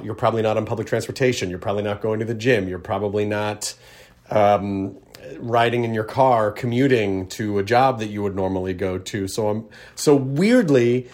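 Rambling friendly podcast host man. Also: medium pitch. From Tennessee. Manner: rambling, self-correcting, friendly. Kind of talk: casual podcast intro.

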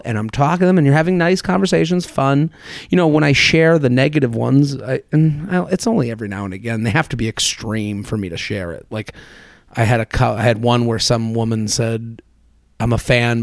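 A man in his thirties talks through a solo podcast episode. He is chatty and self-deprecating, with a gravelly edge to his voice. The sound is dry and close. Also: medium pitch, a little mellow, dry recording. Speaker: podcast host.

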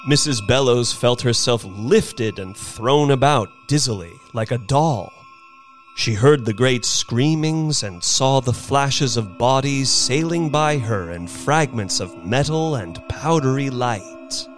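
A man narrating a short story as an audiobook reading, slow and expressive. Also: mid-range voice, soft background music. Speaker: narrator and performer.

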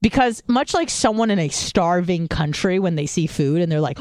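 A woman's voice: fairly low pitch, expressive, moderate pace, a little mellow, no echo, studio quality. A young American woman from San Diego, a podcast host telling stories in casual chat, swearing often and mimicking other people's voices. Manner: chatty storytelling, swears a lot, mimics voices.

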